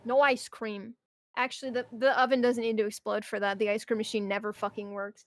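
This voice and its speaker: A woman's voice: mid-range voice, steady tone, fast, no echo. A young woman streamer chatting casually and ranting about her job, swearing often and breaking into mock outbursts. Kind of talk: casual chat.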